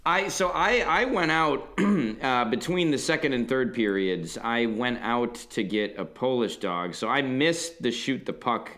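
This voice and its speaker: A man's voice: medium pitch, lively intonation, measured pace, few pauses, a bit bright. A man co-hosting a podcast, chatting casually and rambling with lots of restarts and fillers. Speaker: podcast co-host. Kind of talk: casual chat.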